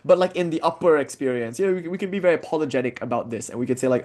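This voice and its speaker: A man's voice: a little high, expressive, very fast, few pauses, darkish tone. A man giving an informal spiritual lecture, telling stories in a digressive way and filling his speech with "like". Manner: digressive storytelling, frequent "like" fillers.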